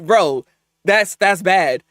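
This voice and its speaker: Man, live reaction streamer, excitable, laughs a lot, lively pitch. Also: drawn-out words, no room sound, studio quality. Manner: excitable, laughs often, talks to chat. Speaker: streamer reviewing manga live.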